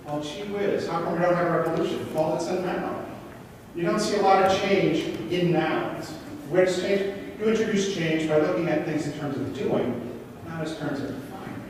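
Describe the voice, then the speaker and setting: Male conference speaker, high-ish voice, far from the mic in a reverberant hall, engaging and full of questions. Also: slight background noise. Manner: questions the audience, rhetorical and animated. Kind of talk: interactive conference presentation. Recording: echoey hall, recorded from afar.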